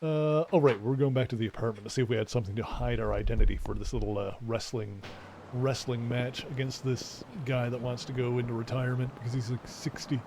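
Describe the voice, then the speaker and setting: A man's voice: medium pitch, steady tone, a little fast, noisy background. Playful man chatting on a game stream. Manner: playful, rambling, talks to his cat between gameplay remarks. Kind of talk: live game stream chat. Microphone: desk microphone.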